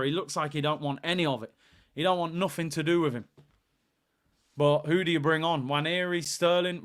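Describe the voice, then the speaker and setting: A young man hosting a live football watchalong, commentating on the match, reading out chat messages and shouting when play heats up. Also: on the high side.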